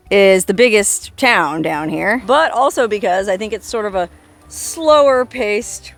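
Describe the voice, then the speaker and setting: A woman narrating a travel vlog outdoors on a coastal trail, in a wry, joking, self-mocking way. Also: mid-range voice. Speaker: travel vlogger.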